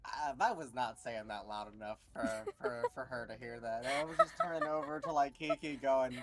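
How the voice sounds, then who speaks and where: Wary player who stammers and pelts the table with questions, middle pitch. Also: moderate pace, few pauses, loud music behind the voice. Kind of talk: casual tabletop play.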